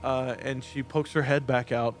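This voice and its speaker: A man running a tabletop game as game master, narrating in a relaxed way with frequent fillers. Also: medium pitch, moderate pace, soft background music.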